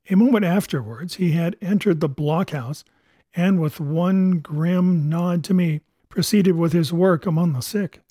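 A man giving measured, expressive first-person narration of an adventure book. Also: sits high, dry recording, studio quality. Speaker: audiobook narrator.

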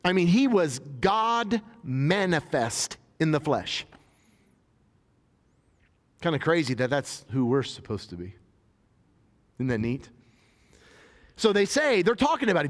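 A man's voice: fairly high pitch, lively intonation, unhurried, pauses often. A man preaching a sermon in a casual, joking way, reading scripture and paraphrasing it in everyday talk. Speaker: pastor. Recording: long hall reverb.

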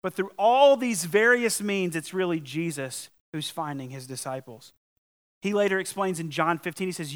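A man preaching a sermon, his voice sitting a little higher than most men's. He talks to the congregation in an earnest, conversational way and pushes up into emphatic peaks to make his points. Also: lively intonation, moderate pace. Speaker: pastor.

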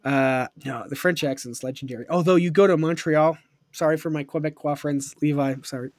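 A young man with a slightly high voice hosts a casual podcast chat, rambling eagerly with plenty of "like" and "you know." His voice is recorded close and dry, with no room sound. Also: steady tone, fairly quick, a little mellow, no room sound. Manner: rambling, enthusiastic, lots of fillers and laughs. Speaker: podcast host.

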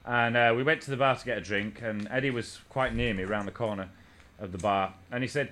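A male radio host tells a loose, rambling story full of restarts and swearing. His voice sits at a middling pitch with a bright, forceful tone. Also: quick pace. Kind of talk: casual anecdote on air.

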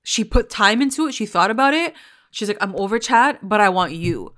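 A woman's voice: mid-range voice, animated, a little fast, fairly bright tone. Chatty young woman ranting casually. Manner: chatty, heavy use of "like", frustrated rants. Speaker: podcast co-host. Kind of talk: casual TV recap chat.

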